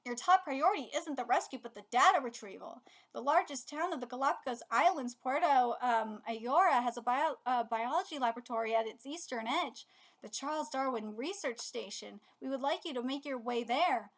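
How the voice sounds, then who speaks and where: A woman reading aloud as an official giving a formal mission briefing in a steady tone. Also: sits high, brisk.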